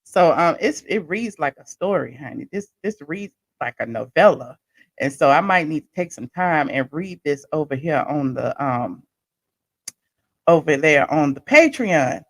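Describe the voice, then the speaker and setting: A woman with a low, slightly slow voice hosts a casual live stream, chatty and animated as she swings between loud bursts and soft asides. There's no room sound.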